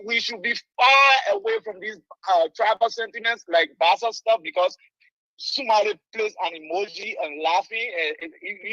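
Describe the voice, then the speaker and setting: A man's voice: high voice, bright, forceful tone, no room sound. A man calling in over the phone to make a rebuttal, stammering and repeating words, then turning emphatic. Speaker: caller. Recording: dull phone line.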